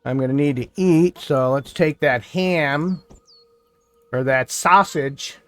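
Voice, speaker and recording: A man's voice: fairly high pitch, slow pace, a bit bright. A man from New York State chatting casually on a live game stream, rambling and thinking aloud as he plays. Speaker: gaming streamer. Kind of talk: casual live-stream chat while playing.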